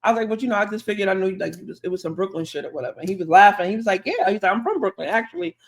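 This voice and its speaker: A podcast co-host with a medium-pitched, animated voice and vocal fry tells a chatty, drawn-out anecdote. This casual storyteller fills it with quoted dialogue.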